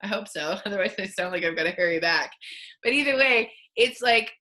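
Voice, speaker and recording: A woman with a bright, forceful voice speaks over a video call. She coaches her team in a candid, emotional storytelling way, full of fillers and asides. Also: mid-range voice, lively intonation, brisk.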